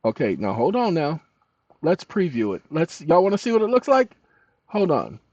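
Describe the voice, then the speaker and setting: A man's voice: a little high, moderate pace, no echo. Fired-up man scolding a chatbot. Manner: animated, scolding, talks to the chatbot and viewers. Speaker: channel host. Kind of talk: casual screen-recording commentary. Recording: dull dry lo-fi mic.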